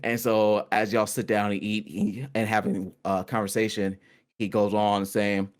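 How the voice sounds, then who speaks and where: A man, narrating a tabletop game as game master in a rambling, relaxed way. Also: on the low side, unhurried. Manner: rambling, relaxed, lots of fillers.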